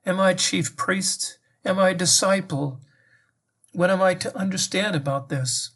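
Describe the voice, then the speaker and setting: Man, slightly higher voice, prayerful meditation, reflective, questioning, speaks to the Lord. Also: normal speed, a bit bright. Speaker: priest giving a meditation.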